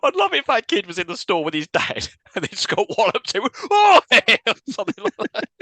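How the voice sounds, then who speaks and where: A man recapping a film as co-host of a casual podcast, animated and quick. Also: high-pitched, dry recording. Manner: animated, quick storytelling with frequent laughs.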